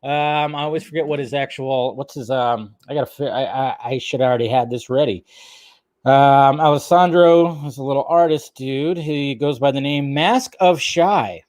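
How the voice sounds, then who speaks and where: A man's voice: medium pitch, normal speed, a little mellow, no echo. A man hosting a casual live stream, loosely chatting, swearing and greeting viewers by name.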